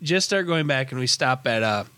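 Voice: medium pitch, expressive, moderate pace, bright, forceful tone, smooth, no echo. A co-host telling a rambling story in casual podcast chat and laughing often.

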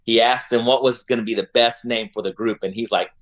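A man's voice: fairly low pitch, fairly even intonation, fairly quick. A man with an Oklahoma accent telling stories in a casual interview, rambling with lots of fillers and acting out what people said. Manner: rambling, many fillers, acts out quotes. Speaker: guest singer.

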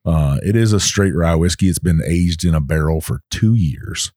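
A man's voice: sits low, normal speed, warm tone, no echo, studio quality. A man with a Southern US accent, co-hosting a podcast in a folksy, rambling way with plenty of fillers. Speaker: podcast co-host. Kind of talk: casual chat.

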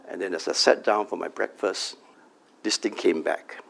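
Middle-aged man, meditation teacher type, gravelly voice with fry, calm measured delivery, drawn-out chanting. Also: lowish voice. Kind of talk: meditation workshop talk. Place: company workshop room.

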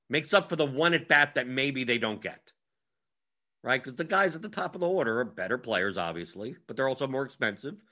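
Pushed and bright at a medium pitch, a man's voice drives a laid-back fantasy sports strategy breakdown. He rattles off lineups quickly and scatteredly, thinking aloud as he scrolls.

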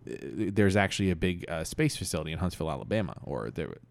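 A man's voice: sits low, animated, fast, vocal fry, no room sound. A man co-hosting a podcast, telling an improvised comic story in a rambling way. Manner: rambling, many restarts and fillers. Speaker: podcast co-host.

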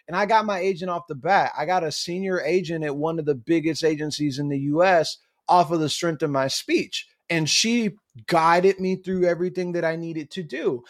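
A young adult man, a guest author, chatting casually on a podcast and telling animated stories with acted-out quotes. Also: fairly high pitch, moderate pace, few pauses. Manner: animated storyteller who acts out quotes.

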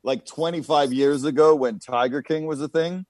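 A man co-hosting a casual chat, talking in a rambling, profane, animated way. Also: on the high side, normal speed, no echo.

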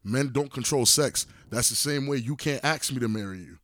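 A man's voice: mid-range voice, moderate pace, fairly bright tone, no room sound. Blunt, profane man arguing on a podcast. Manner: blunt, profane, teasing and argumentative. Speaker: podcast co-host. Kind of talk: casual chat.

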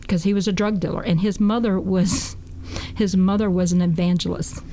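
A woman's voice: on the low side, fairly even intonation, normal speed, warm tone. A woman guest on a talk show, telling her testimony in an earnest, folksy way and often repeating "I said.". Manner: earnest, folksy storytelling with a lot of "I said".

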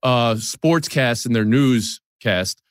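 A man's voice: medium pitch, slow pace, smooth, no room sound, studio quality. A man in his forties from the New York area, a sports TV host talking candidly and self-deprecatingly in a podcast conversation.

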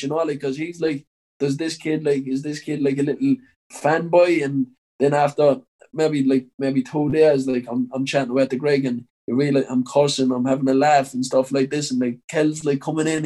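Irish boxer telling a rambling, swearing story. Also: male voice, a little high, darkish tone, poor audio. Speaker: professional boxer. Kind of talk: casual storytelling in an interview.

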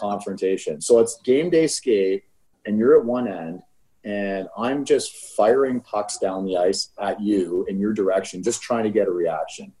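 A man, a former hockey player co-hosting a casual chat, telling animated stories and acting out quotes. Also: fairly low pitch, poor audio. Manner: animated storyteller, laughs often, acts out quotes.

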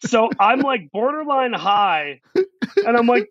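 Animated storytelling man, bright tone. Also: very high voice, slow pace, no room sound, dull audio. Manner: animated anecdotes with quoted asides. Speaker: actor guest. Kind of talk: storytelling interview.

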